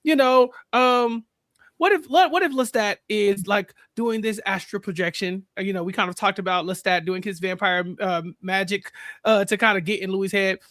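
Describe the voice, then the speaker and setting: A man's voice: sits high, normal speed, bright, forceful tone, no echo, studio quality. A man hosting a casual podcast recap, upbeat and chatty, laughing often. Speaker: podcast host.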